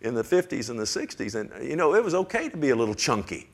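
An older man delivers a sermon in a gravelly, mid-pitched voice. He talks in a folksy, rambling way, dropping to near-hushed tones and then rising to loud emphasis, and keeps checking in with the congregation. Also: big pitch swings, quick pace, a little hiss or hum. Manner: folksy, rambling storytelling with frequent "amen?" to the congregation. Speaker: preacher.

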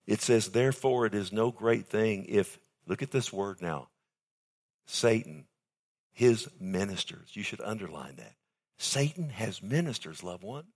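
A man preaching a sermon as pastor, with emphatic delivery that swings from hushed to loud and keeps asking the audience questions. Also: fairly low pitch, expressive, unhurried.

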